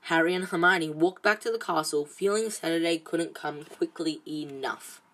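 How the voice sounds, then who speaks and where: A woman reading a novel aloud chapter by chapter, halting often with restarts and fillers. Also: sits low, a bit bright. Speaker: storybook reader.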